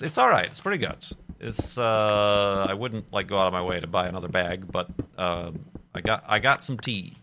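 A man chatting casually while he plays a game, wandering off into long asides and poking fun at himself. His voice sits a little low and has a bright, forceful edge, with a faint hiss of noise behind it. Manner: rambling, joking, self-mocking. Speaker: gaming streamer.

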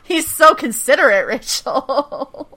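Bright, animated woman recapping an episode. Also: high-pitched, slow pace. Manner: animated, giggly, swears freely. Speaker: podcast co-host. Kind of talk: casual chat, episode recap.

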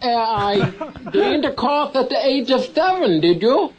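Lecherous, mumbling old-tape shrink with a foreign accent voiced by a performer; stammers, lively pitch. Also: normal speed, crowd noise. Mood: flustered. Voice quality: mumbling, as if his mouth is full. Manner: stammering, hesitant. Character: bumbling lecherous male psychiatrist with a foreign accent. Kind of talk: old comedy tape acting.

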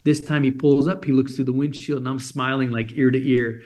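A man's voice: mid-range voice, steady tone, fairly quick, darkish tone. A man telling a personal story in an interview, animating the scene by acting out what each person said, with frequent "he goes" and "I go". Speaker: interview guest, dream coach.

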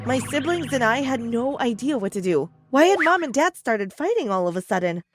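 A woman narrating an animated story in a chatty manner, speaking to the viewer. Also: on the high side, fairly quick, music in the background.

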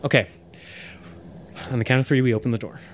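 A man's voice: medium pitch, fairly even intonation, fast talker. Playful man improvising a sneaky sketch. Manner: playful, whispering conspiratorially at times. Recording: faint background noise.

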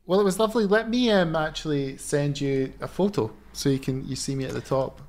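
A man's voice: fairly high pitch, brisk, a little mellow. A man co-hosting a podcast in casual chat, teasing with dry humor. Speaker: podcast co-host.

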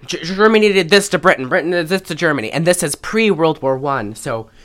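A woman's voice: low voice, animated, a little fast. A woman hosting a podcast, recapping a film in casual chat and rambling with many fillers. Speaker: podcast host.

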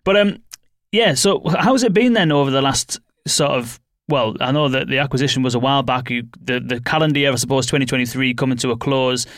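A man's voice: medium pitch, fairly quick, fairly bright tone, no room sound, studio quality. A man hosting a podcast, chatting easygoing and laughing often. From United Kingdom. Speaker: podcast host. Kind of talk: casual interview chat.

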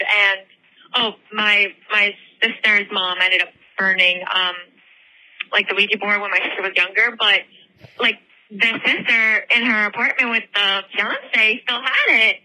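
A woman's voice: medium pitch, bright, forceful tone, rough recording. A woman hosting a podcast, telling a story in casual chat, full of swearing and fillers, on a headphone microphone. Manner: swears constantly, rambling with many fillers. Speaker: podcast host.

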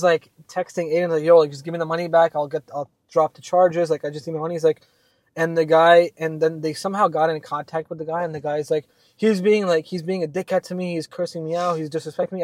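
A young man co-hosting a podcast, telling a story in a casual, animated way with lots of fillers and swearing. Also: fairly high pitch, no room sound. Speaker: podcast co-host.

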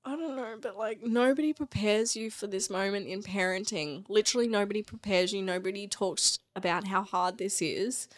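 A woman's voice: mid-range voice, moderate pace, few pauses. A middle-aged woman co-hosting a podcast, a mother talking in casual chat, tearful and laughing through her crying.

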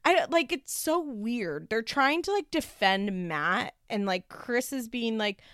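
A woman's voice: a little high, expressive, takes it slowly, fairly bright tone, no room sound, clean studio sound. A young woman casually recapping a reality show with lots of "like" and swearing, and she acts out the quotes. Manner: rambling and profane, heavy use of "like", acts out quotes.

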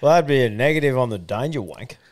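A man's voice: mid-range voice, animated, quick pace, noisy background. A man co-hosting a crude, laughing casual chat, swearing a lot. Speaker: podcast co-host.

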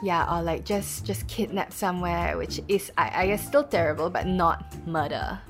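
A woman's voice: lowish voice, moderate pace, over music. A Singaporean woman hosting a casual true-crime podcast, chatty and full of fillers. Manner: chatty, lots of likes and lah. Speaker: podcast host.

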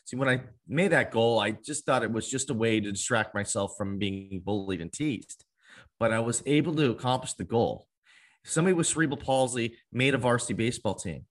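A man's voice: mid-range voice, expressive, brisk. A man in his twenties telling his life story as an interview guest, earnest and acting out old conversations. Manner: earnest, acts out past conversations in quotes.

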